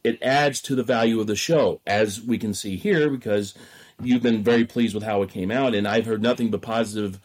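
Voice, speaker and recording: Man, theater director, measured, thoughtful, hedging. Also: on the low side, a little mellow. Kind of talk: interview.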